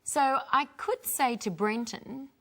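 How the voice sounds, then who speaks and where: Slow, careful woman teacher. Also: high-pitched. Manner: clear, careful modelling of phrases. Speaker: English teacher, co-host. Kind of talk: slow teaching with repeat-after-me drills.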